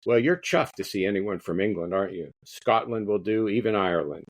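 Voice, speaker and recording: A man's voice: lowish voice, animated, fairly quick, no room sound. A man reading aloud the words of a modest, self-deprecating wartime touring entertainer in his own plain voice, earnest and conversational. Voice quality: plain voice, no accent attempted.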